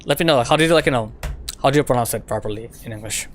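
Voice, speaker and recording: A man's voice: medium pitch, very fast, a little hiss or hum. Rambling man chatting. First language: French. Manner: rambling, filler-heavy, repeats himself. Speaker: game streamer. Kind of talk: casual stream chat with viewers.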